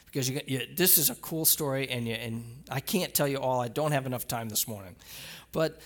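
A pastor preaching a conversational sermon, retelling scripture in a casual storytelling way and speaking straight to the congregation with many restarts and asides. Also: male voice, medium pitch, brisk.

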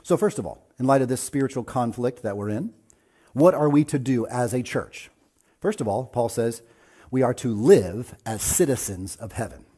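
A male pastor preaching a sermon, his voice husky and mellow. He talks earnestly and presses hard on his key points. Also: mid-range voice, expressive, normal speed.

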